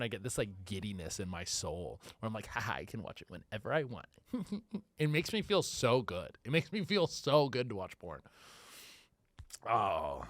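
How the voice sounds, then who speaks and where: A man's voice: mid-range voice, a bit bright, no room sound, studio quality. A young man hosting a solo comedy podcast, telling stories with lots of swearing and acted-out quotes.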